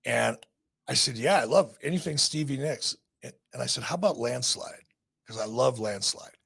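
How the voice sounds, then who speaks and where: A man's voice: mid-range voice, normal speed, gravelly, a bit bright, husky. A man hosting a podcast, telling a rambling, sentimental anecdote in a casual way. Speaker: podcast host. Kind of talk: casual storytelling.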